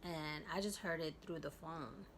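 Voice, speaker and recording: A woman from Guatemala telling a personal story in a vlog, soft and halting, with many fillers. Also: deep voice, fairly even intonation, slight background noise. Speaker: vlogger.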